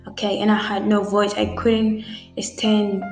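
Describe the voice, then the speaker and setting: A woman's voice: medium pitch, level tone, measured pace. Earnest eighteen-year-old woman, roomy sound. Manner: earnest, many fillers and restarts, addresses viewers directly. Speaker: vlogger. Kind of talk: casual heartfelt talk to camera. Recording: roomy echo, faint music behind.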